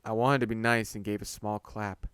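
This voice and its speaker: A man reading a horror story aloud in a slow, deliberate narration. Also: lowish voice, flat delivery, fairly bright tone, clean tone, dry recording, studio quality.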